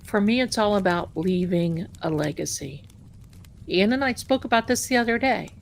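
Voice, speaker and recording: A woman's voice: medium pitch, animated, moderate pace, vocal fry, slight background noise. An American woman hosting a casual livestream, chatty, repeating herself and sometimes dropping to a whisper. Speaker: livestream host.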